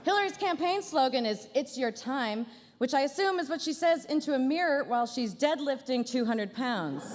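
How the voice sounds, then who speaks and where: A woman's voice: high voice, lively intonation, moderate pace, big-room sound, noisy background. A woman comedian doing a stand-up roast at a banquet dinner, with a dry, sarcastic delivery and playful asides. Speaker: comedian headlining a gala dinner. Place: large banquet hall.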